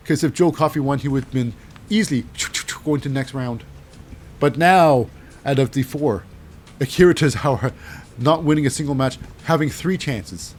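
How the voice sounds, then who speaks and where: Guy rambling thru a wrestling recap, kinda high voice, faint hiss behind. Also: normal speed, darkish tone. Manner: rambling, filler-heavy, wry. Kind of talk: casual recap commentary.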